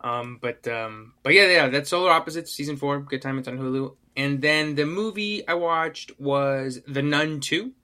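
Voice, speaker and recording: A man's voice: fairly high pitch, moderate pace, hardly any pauses, sharp tone. A man co-hosting a podcast in casual chat, rambling with many fillers and restarts. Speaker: podcast co-host.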